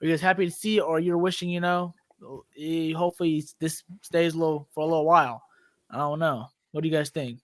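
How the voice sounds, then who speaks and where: A man co-hosting a casual sports podcast, chatty and quick to throw questions at the others. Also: a little high, steady tone, no room sound. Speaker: podcast co-host.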